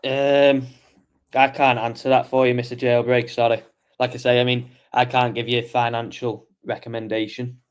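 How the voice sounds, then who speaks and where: A man's voice: medium pitch, little pitch movement, normal speed, smooth. A man hosting a casual market review stream, tired and yawning as he walks through charts and answers chat questions. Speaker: trading show host.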